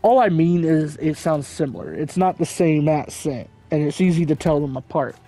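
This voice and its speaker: Man, fairly high voice, casual game commentary, rambling, hedging. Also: animated, normal speed, mellow, soft background music. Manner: rambling, hedging, filler-heavy. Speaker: gameplay commentator.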